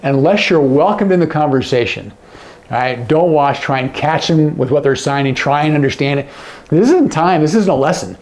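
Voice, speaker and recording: Male instructor, gravelly, upper-middle pitch, demonstrative, repeats key words softly. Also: lively intonation, normal speed. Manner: demonstrative, drops to a hush on example words. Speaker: sign language teacher. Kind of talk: explaining lesson to camera.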